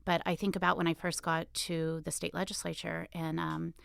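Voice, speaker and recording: A middle-aged woman with a lowish voice that has a gravelly edge yet stays smooth and resonant. She talks loudly and emotionally and tells her stories with a lot of animation. The sound is dry and close, with no room echo. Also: normal speed. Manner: loud, emotional, animated storytelling. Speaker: state assemblywoman, guest. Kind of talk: candid conversational interview.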